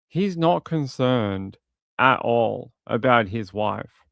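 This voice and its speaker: Gravelly man commenting casually. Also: mid-range voice, slow, dry recording. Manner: animated, mocking retellings. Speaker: true crime commentator.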